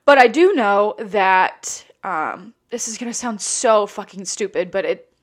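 A woman's voice: mid-range voice, expressive, a little slow. A woman hosting a solo podcast, tearful and rambling, with frequent restarts and casual swearing. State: tearful, voice breaking. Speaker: podcast host. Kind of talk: emotional solo podcast monologue.

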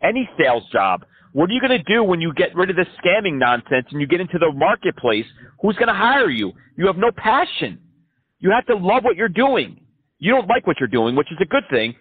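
Man, scam-baiting host, profane, taunting, husky, dry tinny line. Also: high voice, big pitch swings, fairly quick, no room sound. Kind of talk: prank calls to scammers.

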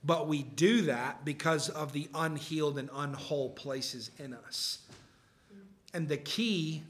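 Guy preaching a sermon, kinda high bright voice, chatty with the crowd. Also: takes it slowly, a little hiss or hum. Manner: conversational, keeps checking in with the room. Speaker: pastor. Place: church service before a live congregation.

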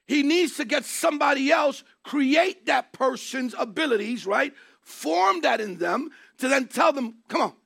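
A man preaching a sermon in an emphatic way, repeating key phrases and rising to shouts. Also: extremely high pitch, expressive, unhurried, gravelly, few pauses.

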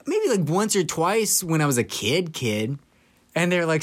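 A man's voice: fairly high pitch, big pitch swings, normal speed. Young guy, chatty podcast host, laughs through grim family anecdotes, does voices for quotes. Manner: laughs through dark childhood stories, quotes people in voices. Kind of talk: casual storytelling chat.

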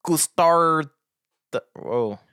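A man's voice: a little high, extremely slow, clear, resonant tone, no echo. Ranting young man with a dry sound. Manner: energetic, rambling ranting with stammered restarts. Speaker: podcast co-host. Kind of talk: casual podcast chat.

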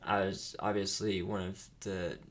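A man's voice: low-pitched, level tone, measured pace. A young man hosting a podcast, chatting casually and rambling with frequent restarts. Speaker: podcast host. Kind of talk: casual chat.

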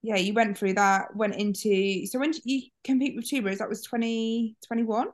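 A woman's voice: fairly high pitch, steady tone, moderate pace. A woman hosting a podcast, chatting casually and nudging her guest along with tag questions. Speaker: podcast host. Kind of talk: casual interview.

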